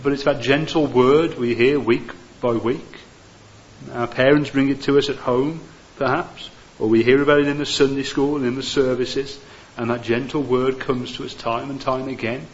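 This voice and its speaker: Earnest preacher, lo-fi recording. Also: male voice, medium pitch, steady tone, normal speed. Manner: frequent "uh" fillers, gentle and earnest. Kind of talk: sermon.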